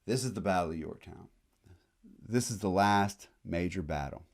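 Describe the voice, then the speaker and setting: A man giving a casual, animated history lecture, full of slang and quick acted-out asides. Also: low voice, gravelly.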